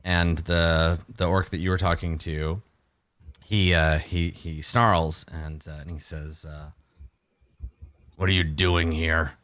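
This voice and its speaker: A man's voice: low-pitched, level tone, slow, fairly bright tone. A man narrating as game master in a tabletop game, loose and chatty with many fillers.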